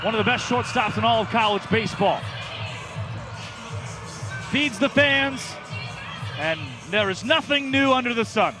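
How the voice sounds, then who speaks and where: A man calling a live baseball game from the broadcast booth, excitable and jokey, often shouting the big plays. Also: very high voice, measured pace, long pauses, over music, crowd noise. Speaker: play-by-play announcer.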